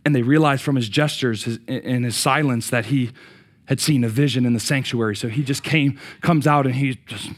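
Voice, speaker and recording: A middle-aged man preaching a sermon, swinging from loud excited peaks to quiet reflection and repeating words as he restarts. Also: mid-range voice, normal speed. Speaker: pastor.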